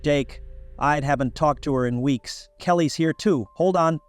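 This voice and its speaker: A man's voice: on the high side, a little slow, faint music behind, close to an everyday voice. A man voicing a casual, chipper young woman friend in a spoken story.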